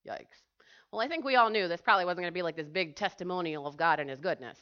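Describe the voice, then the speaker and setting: A woman giving a casual, animated sermon to a church group, chatty and full of fillers, often asking her listeners questions. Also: on the low side, quick pace. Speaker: church speaker. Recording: dull lo-fi recording.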